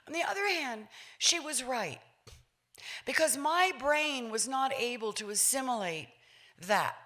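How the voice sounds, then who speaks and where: A woman in her sixties giving a public talk, telling a personal story in an animated way and acting out voices with laughs. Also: sits high, measured pace. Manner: lively, acts out voices, laughs while telling. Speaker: featured speaker.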